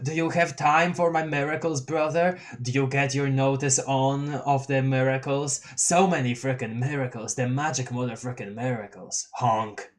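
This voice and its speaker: A reader voicing a laid-back clown troll boy who drawls slow rambling rhymes, swears and honks, in a dramatic reading of a webcomic. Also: mid-range voice, fairly even intonation, lightly acted. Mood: mellow drawl.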